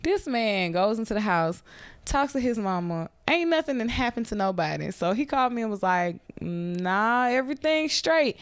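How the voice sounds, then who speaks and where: In a dry recording, a woman in her thirties from Atlanta co-hosts a podcast at a moderate pace. She tells a story casually and with animation, acting out its voices with big jumps in pitch.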